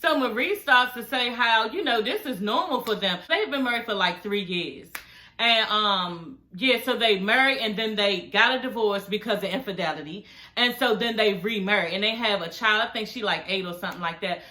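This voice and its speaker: A woman's voice: mid-range voice, normal speed, bright, forceful tone. A woman vlogger casually recapping a reality show, sassy and profane, talking straight to her viewers. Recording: echoey room.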